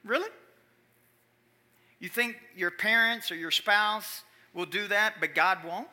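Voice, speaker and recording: A man preaching a sermon in church, animated, swinging from quiet asides to loud emphatic calls. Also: high-pitched, takes it slowly. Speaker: pastor.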